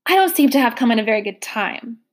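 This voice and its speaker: A small, proper older lady from a storybook , read by a woman, higher-pitched than most women. She speaks quietly and politely, in a timid way. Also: lively intonation, fast talker.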